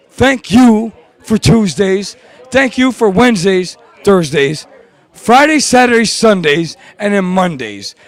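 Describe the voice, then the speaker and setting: A man emceeing outdoors outside a music venue, talking in rowdy, profane, hyped-up banter and shouting thanks. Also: high voice, no room sound. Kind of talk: hyped-up live event banter.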